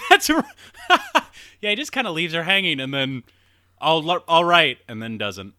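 A young man co-hosts a casual podcast, retelling a film in a loose, rambling way and slipping into the characters' lines. His voice is bright and swings widely in pitch. The sound is dry and close. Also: unhurried, no echo. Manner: rambling, animated retelling with acted-out quotes and swearing. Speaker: podcast co-host. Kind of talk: casual film recap chat.

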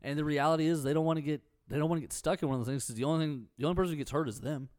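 A man co-hosting a podcast, telling animated stories in casual chat. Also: a little high, very fast, no room sound, clean studio sound. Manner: animated storyteller. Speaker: podcast co-host.

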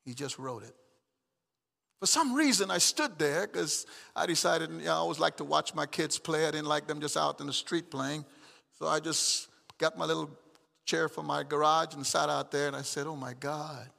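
A middle-aged pastor preaching a sermon, swinging from shouted emphatic calls to soft, chuckling storytelling. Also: male voice, fairly high pitch, normal speed, gravelly, in a large hall.

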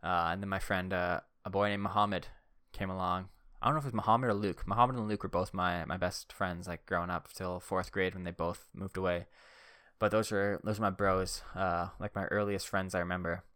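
Young adult man for loose, filler-heavy anecdotes; low, smooth voice. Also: pushed and bright, dry recording, studio quality. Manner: rambling, heavy use of "like" and "uh". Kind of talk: casual anecdote-telling.

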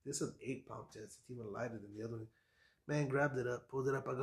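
A man, a fishing guide on a podcast, telling stories in a casual, lively way and acting out what people said. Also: medium pitch, fast talker, roomy sound. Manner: animated storyteller, acts out quotes, laughs often. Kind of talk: casual storytelling chat.

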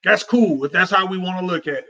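Guy hosting a chatty talk show, kinda high bright voice, talks from the heart and repeats himself, muffled lo-fi sound. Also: fast. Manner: heartfelt, repetitive, conversational. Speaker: host. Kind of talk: casual talk show, personal rant. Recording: dull lo-fi sound.

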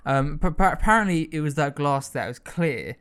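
Clear-voiced young man. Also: on the high side, animated, moderate pace, fairly bright tone. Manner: rambling, self-interrupting, teasing. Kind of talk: casual chat.

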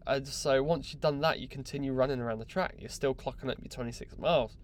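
A man hosting a solo podcast, chatty, excitable and self-mocking, recorded in a crew cabin on board a yacht. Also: medium pitch, fast talker. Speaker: podcast host.

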